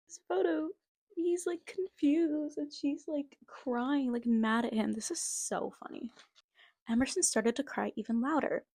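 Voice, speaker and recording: A woman's voice: high-pitched, measured pace, vocal fry, a little mellow, dry recording. A young woman hosting a podcast who casually reads old childhood stories aloud with amused, giggly asides, into a close microphone at home. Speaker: podcast host. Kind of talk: casual reading aloud with reactions.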